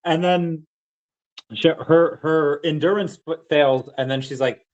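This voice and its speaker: A man's voice: fairly high pitch, steady tone, a little slow, lo-fi sound. A man in his thirties hosting a podcast, telling a long story in casual chat, full of fillers and restarts. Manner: rambling, lots of fillers and restarts. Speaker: podcast host.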